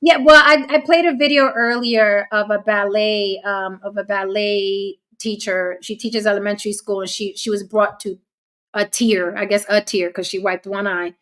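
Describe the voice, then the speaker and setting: A woman's voice: mid-range voice, steady tone, normal speed, a bit bright. A woman hosting a casual commentary show, talking straight to her viewers in a blunt, cynical way. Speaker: host.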